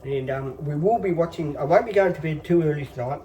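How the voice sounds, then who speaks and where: A man's voice: on the high side, brisk, dark tone, distant mic, a little hiss or hum. A man in his fifties hosting a casual phone vlog, rambling on with lots of fillers in a reassuring tone. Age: 50s. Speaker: channel host.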